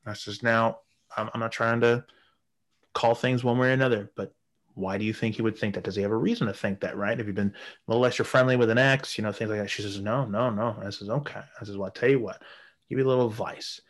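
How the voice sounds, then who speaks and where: Man, 30s, lowish voice, rambling crude storyteller, casual podcast chat. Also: steady tone, fast talker. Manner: crude, rambling, swears often. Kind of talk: casual anecdote.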